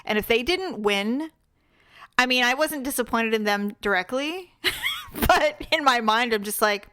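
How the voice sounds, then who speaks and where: A woman in her forties co-hosting a podcast in a casual chat, quick to laugh and blunt. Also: on the high side, lively intonation, pushed and bright. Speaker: podcast co-host.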